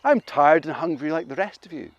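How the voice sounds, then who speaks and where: A man's voice: a little high, lively intonation, a little fast, no room sound, dull audio. A man voicing a tired, reluctant female elephant in a children's story. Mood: grumbling.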